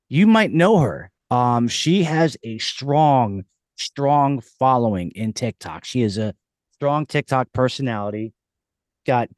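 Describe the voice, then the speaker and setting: A man hosting a podcast interview like an excitable showman, hyping his guest and often restarting his sentences. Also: mid-range voice, no echo, studio quality. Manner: hyped-up showman, stammering restarts. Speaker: podcast host. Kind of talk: casual interview. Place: recording studio.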